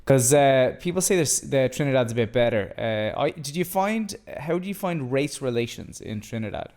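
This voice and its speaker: A man's voice: mid-range voice, expressive, moderate pace, a little mellow. A young man hosting a podcast, chatting loosely with a friend, swearing casually and restarting his sentences. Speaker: podcast host. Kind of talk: casual chat.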